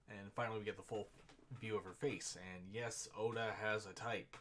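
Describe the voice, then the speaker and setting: Male reviewer, casual rambling reaction, wry asides, lowish voice. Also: fairly even intonation, normal speed, bright, forceful tone, slight background noise. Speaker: comic reviewer.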